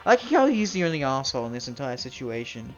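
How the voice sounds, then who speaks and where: A man's voice: mid-range voice, big pitch swings, quick pace, dull audio, faint music behind. A man live-streaming a game, chatting casually with his viewers and swearing freely. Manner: casual, swearing, talks to chat. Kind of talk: live gameplay commentary.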